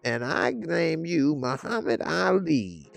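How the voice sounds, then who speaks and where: A man voicing an older male religious minister who speaks in a slow, measured, preaching way. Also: medium pitch, sing-song, vocal fry, a little mellow, voice pushed up, exaggerated voice.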